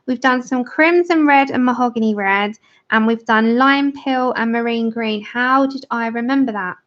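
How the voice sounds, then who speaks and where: A British woman talks casually through a livestream while she colours, chatting with viewers and laughing often. Her voice sits a little high. The sound is dull and lo-fi, like a home stream. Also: normal speed, a bit bright. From Britain. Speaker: livestream host.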